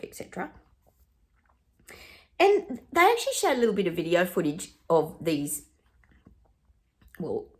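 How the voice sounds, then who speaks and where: A woman's voice: deep voice, a little mellow. An Australian woman chatting casually to her viewers, exasperated and gossipy, often calling them "guys". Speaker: psychic vlogger. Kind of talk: casual opinion chat to viewers.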